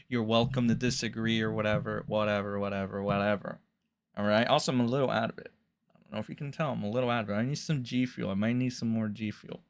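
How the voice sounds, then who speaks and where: A man on a livestream, rambling through a rant with lots of swearing and sarcasm. His voice sounds bright and sharp, and his pitch sits in a middle range. He speaks straight to his viewers. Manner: rambling, profane, sarcastic ranting. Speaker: streamer.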